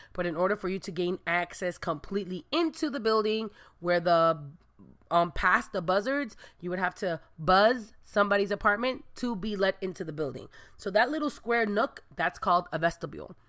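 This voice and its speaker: A young adult woman from Brooklyn, New York, casually telling viewers a story and acting out the dialogue with lively voices. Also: fairly low pitch. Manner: animated, acts out dialogue with voices. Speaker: storyteller vlogger.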